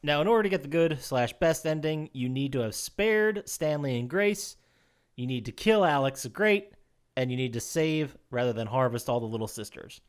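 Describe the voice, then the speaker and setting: A man co-hosting a podcast, retelling a video game story in casual chat, animated and quick to laugh, with restarts. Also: medium pitch, smooth. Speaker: podcast co-host.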